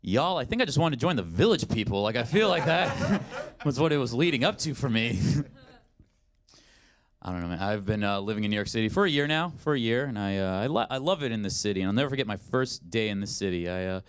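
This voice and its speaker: A man in his twenties performing a stand-up comedy set, telling self-deprecating stories in an animated way. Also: mid-range voice, quick pace, smooth. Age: 20s. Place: comedy stage in a studio.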